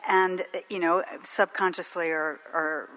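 A woman's voice: lowish voice, fairly even intonation, a little slow, fairly bright tone, rough recording. A woman from the audience speaking earnestly and a bit hesitantly. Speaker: audience member asking a question. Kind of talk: casual question from the audience.

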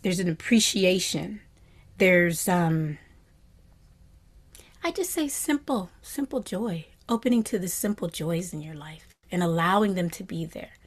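Gentle woman giving a dharma talk. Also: fairly low pitch, measured pace. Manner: gentle, reflective, often drops to a soft whisper; animated bursts of delight. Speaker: meditation teacher.

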